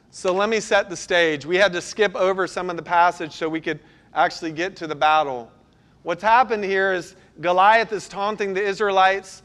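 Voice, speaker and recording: A middle-aged man, a pastor, preaching a sermon and telling stories, sometimes breaking into loud bursts. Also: sits high, normal speed. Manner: storytelling, animated with sudden loud bursts.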